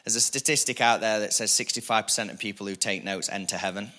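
A man preaching a sermon as pastor, energetic and repetitive, building emphasis with casual asides. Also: lowish voice, fast, a little hiss or hum.

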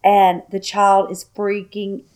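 Animated chatty woman. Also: medium pitch, slow pace. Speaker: co-host. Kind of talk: casual chat.

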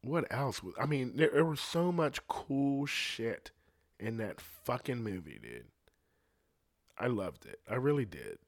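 A young man rambles through a casual rant at an ordinary middle pitch. He swears constantly and restarts his sentences as he goes. His voice swings from excited bursts to low, mumbled asides. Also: measured pace. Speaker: singer ranting to camera.

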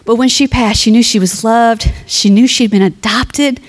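Speaking at a funeral at a moderate pace, a woman with a somewhat high voice and fairly level intonation gives a sincere, chatty eulogy. It turns into a sermon as she reads from scripture, and she then turns to face the family.

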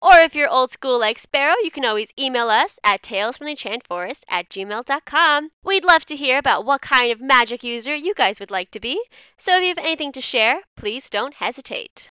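A bubbly young woman co-hosts a podcast in a high, smooth, bright voice. Her pitch jumps around a lot. The sound is dry and close. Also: animated, fairly quick, no room sound, lo-fi sound. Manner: bubbly, chatty. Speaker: podcast co-host. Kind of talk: casual chat.

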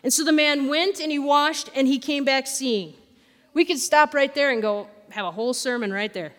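A woman pastor preaching a sermon, telling the story in an animated way and acting out the questions and quotes. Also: high-pitched, normal speed, in a large hall. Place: church sanctuary.

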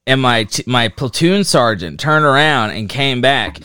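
A young man in casual chat, telling animated, profane stories and acting out the people in them. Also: medium pitch, measured pace, clean tone, no room sound, studio quality. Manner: swearing, animated storyteller who acts out quotes.

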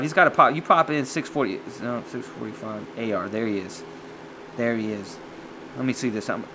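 A man chatting casually and profanely as he reacts to music, excitable and rambling. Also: a little high, slight background noise. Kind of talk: casual chat.

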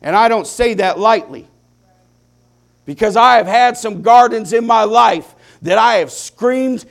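Preacher guy w a high gravelly voice, slow and drawn out, goes from hushed to loud and fired up. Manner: impassioned, swings between hushed lows and loud climaxes. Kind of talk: sermon.

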